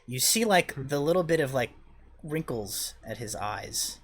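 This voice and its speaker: A man's voice: medium pitch, lively intonation, unhurried, a little hiss or hum. A young man running a tabletop game as dungeon master, narrating in a loose, rambling way with many fillers and restarts.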